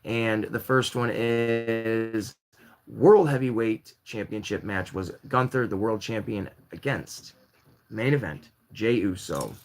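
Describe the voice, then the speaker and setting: A man hosting a live-stream variety show, chatting casually and rambling with jokes while he fiddles with a Lego set. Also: slow pace. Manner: rambling, jokey, lively swings in pitch while building Lego.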